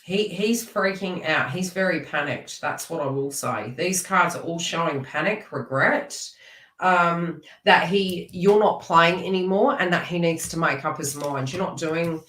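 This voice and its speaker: A woman's voice: fairly low pitch, a little slow, a bit bright, reverberant, far from the mic, rough recording. A woman giving a live tarot reading, chatty and teasing as she talks to viewers by name. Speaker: tarot reader.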